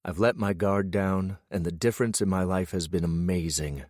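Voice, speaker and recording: Male romance narrator, deep voice, dry close studio sound. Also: steady tone, normal speed, darkish tone, no echo. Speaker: audiobook narrator. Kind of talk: first-person romance audiobook narration.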